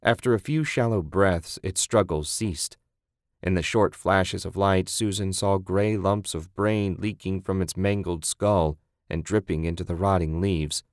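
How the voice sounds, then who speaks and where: A man narrating a horror story in a steady, measured reading. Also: low voice, no room sound, studio quality.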